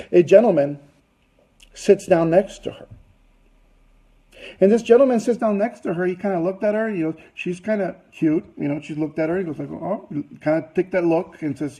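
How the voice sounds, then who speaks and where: Husky-voiced man telling an anecdote. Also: high-pitched, moderate pace, long pauses, dark tone, poor audio. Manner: loose, chatty telling full of fillers and asides. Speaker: business presenter. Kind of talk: anecdotal storytelling to an audience.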